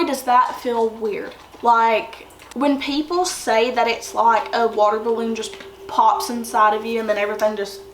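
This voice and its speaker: A young woman tells a personal story in a loose, rambling way, leaning on fillers as she goes. Her voice sits a little high. The sound is roomy and echoey, picked up by a mic some way off. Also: fairly bright tone. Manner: chatty, rambling with many fillers. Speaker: vlogger. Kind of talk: casual storytelling. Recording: roomy echo, distant from mic, faint noise.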